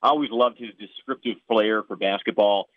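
A man's voice: fairly low pitch, fairly quick, dry recording. Chicago-accented man on a tinny phone line. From Chicago area. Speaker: play-by-play broadcaster. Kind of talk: podcast interview answers.

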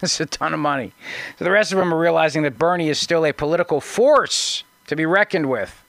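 A man's voice: fairly high pitch, brisk, creaky, fairly bright tone, dry recording. A man hosting a call-in talk radio show, giving sarcastic, mocking political commentary and often restarting his sentences.

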